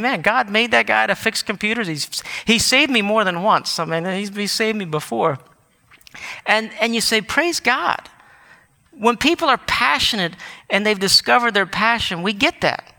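A man's voice: high voice, lively intonation, normal speed, creaky, bright, forceful tone. A man preaching a sermon as pastor, earnest and given to self-corrections and restarts, then leading a prayer. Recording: long hall reverb.

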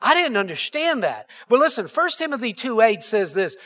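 Guy preaching in church, real high pitched voice, calls for amens. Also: very animated, moderate pace, few pauses, bright, forceful tone. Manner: preaching with call-and-response asides. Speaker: pastor. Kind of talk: sermon. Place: church sanctuary.

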